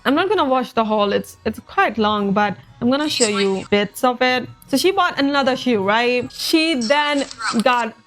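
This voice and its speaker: A woman's voice: on the high side, animated, moderate pace, a bit bright, soft background music. A woman YouTuber giving casual commentary, rambling and hedging with lots of fillers. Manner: rambling, full of "like" and "in my opinion".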